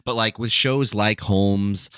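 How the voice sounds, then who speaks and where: A man co-hosting a film podcast, talking casually in an animated, joking way with quick asides. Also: lowish voice, smooth, no echo, clean studio sound. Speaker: podcast co-host.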